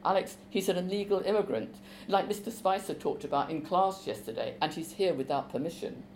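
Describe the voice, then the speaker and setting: A woman reading aloud as a teenage boy, pressing urgently in a low, hushed voice. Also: a little fast, a little hiss or hum, close to an everyday voice, rough recording.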